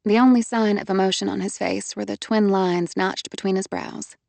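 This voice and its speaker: A woman reading a first-person audiobook in a quiet, halting way. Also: medium pitch, steady tone, vocal fry, no room sound. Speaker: audiobook narrator.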